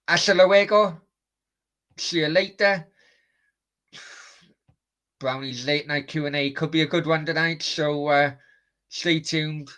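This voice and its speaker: A man's voice: a little high, sharp tone. A man hosting a football watchalong stream, chatting bluntly and swearing as he answers his chat. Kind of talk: casual live-stream chat.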